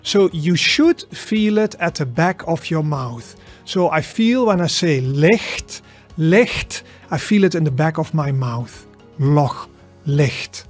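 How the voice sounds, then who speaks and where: High, unhurried man with a southern Dutch accent. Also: soft background music. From southern Netherlands. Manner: relaxed, repeats words slowly, often adds "right?". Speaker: language teacher. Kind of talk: casual pronunciation lesson.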